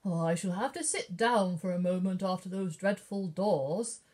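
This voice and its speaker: A woman's voice: lowish voice, moderate pace, darkish tone, close to an everyday voice. A woman reading aloud, voicing a flustered older grandmother who talks in a fussy way.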